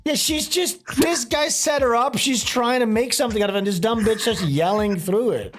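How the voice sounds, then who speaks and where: A man hosting a stream, giving casual reaction commentary in an animated, mocking way and laughing often. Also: extremely high pitch, normal speed, slight background noise. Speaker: streamer host.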